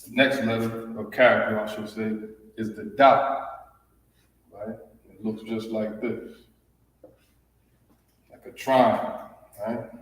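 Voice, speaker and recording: A man's voice: lowish voice, little pitch movement, slow pace, long pauses. A man teaching a language class, explaining each point and checking in with "all right?" again and again. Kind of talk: classroom lesson. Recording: echoey hall, voice from far off.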